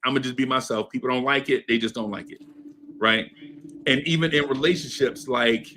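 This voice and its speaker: A man's voice: mid-range voice, fairly quick, bright, forceful tone, slight background noise. A man in his fifties telling a story in a laid-back podcast chat, laughing often and asking "right?" after his points. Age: 50s. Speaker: podcast co-host. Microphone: streamed podcast mic.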